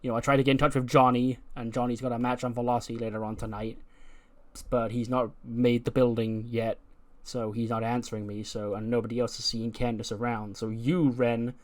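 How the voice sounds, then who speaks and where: A man's voice: medium pitch, flat delivery, a little fast, close to an everyday voice. A man playing a hesitant wrestling boss. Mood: persuasive. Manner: hesitant, full of "uh"s. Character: hesitant male wrestling authority figure.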